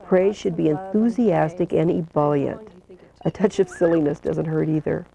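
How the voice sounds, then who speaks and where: A woman reading a scripted narration for an instructional video in a calm, measured way. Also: deep voice, creaky, noisy background. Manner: calm, measured explanatory delivery.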